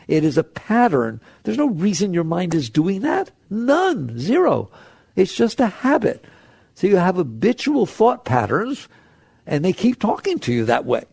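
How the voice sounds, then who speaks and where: A man's voice: high-pitched, vocal fry, a little mellow, breathy edge, no room sound. A man giving an earnest spiritual talk to an audience, an author and teacher who asks frequent rhetorical questions.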